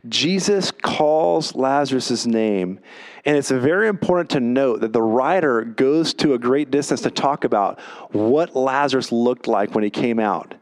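A man preaching a sermon, telling a personal story with animated energy, then reading scripture slowly and quietly for emphasis. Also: medium pitch. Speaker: pastor.

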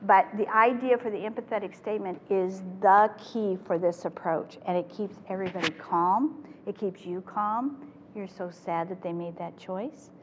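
An older woman presenting a parenting workshop to a live audience, talking in an animated way and acting out the phrases she quotes. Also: mid-range voice, normal speed. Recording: echoey hall with faint noise.

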